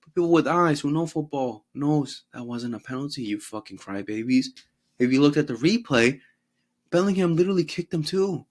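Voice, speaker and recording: A man's voice: a little high, normal speed. A young man hosting a casual football talk show, swearing freely and mocking players in put-on voices. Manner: profane, animated, mocks players in put-on voices. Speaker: podcast host.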